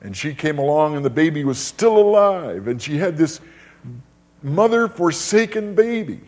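An older man preaching a sermon in an emphatic way, with big rises and drops in pitch and loudness, often repeating his words. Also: big pitch swings, normal speed.

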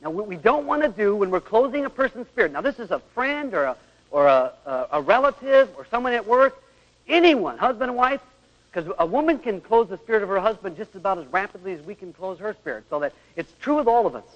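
His voice high with big pitch swings and a slightly fast pace, a man gives an earnest lecture on marriage, asking rhetorical questions and acting out examples. It's heard through a dull radio recording with long hall echo.

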